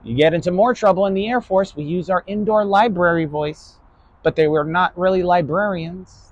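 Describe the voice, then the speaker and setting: He's a New Yorker hosting an online philosophy class, giving a casual, blunt lecture full of swearing in which nearly every point ends with "right?". He speaks in a high voice at normal speed, and the recording sounds muffled.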